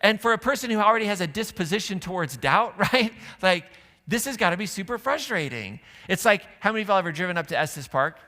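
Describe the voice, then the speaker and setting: A man preaches to his congregation with a bright, forward tone that rides a little above the usual male pitch. He talks loosely and conversationally, tossing in asides and questions to the room as he tells the story. The sanctuary adds a long, ringing reverb to every phrase. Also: lively intonation, fast. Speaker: pastor. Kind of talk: sermon. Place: church sanctuary.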